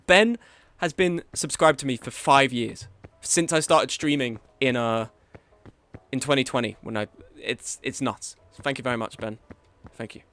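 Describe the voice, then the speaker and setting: A young man streaming a game live, frustrated and swearing, swinging between low muttering and loud outbursts. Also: dry recording.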